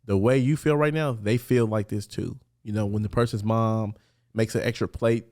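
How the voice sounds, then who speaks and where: A man's voice: lowish voice, fairly even intonation, normal speed, a little mellow. A man who is a podcast guest, candidly and earnestly telling his personal story in casual street talk in a studio.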